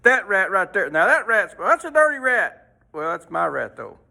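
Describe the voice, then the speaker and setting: Firm plainspoken jesus a man doing it in a lesson, bright raspy tone. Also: high-pitched, very animated, moderate pace, full character voice. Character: calm male Jesus claiming his own.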